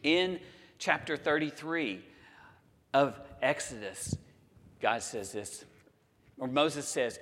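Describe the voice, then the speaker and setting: A man in his sixties delivers a sermon, reading scripture aloud and pausing for effect. His voice sits at an ordinary pitch for a man. A long reverb trails after each phrase, as in a church hall. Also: expressive, a bit bright. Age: 60s. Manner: preaching with dramatic pauses, quoting scripture. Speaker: pastor.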